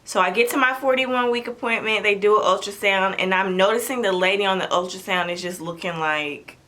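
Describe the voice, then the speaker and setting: Young woman, vlogger, chatty storytelling, dramatic quotes, bright tone. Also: medium pitch, a little fast. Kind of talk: animated storytelling to camera.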